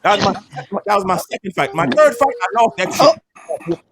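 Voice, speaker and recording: Lively man telling stories. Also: high-pitched, brisk, gravelly, noisy background. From Caribbean island. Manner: animated, repeats and restarts words, streetwise swearing. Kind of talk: casual storytelling. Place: barbershop.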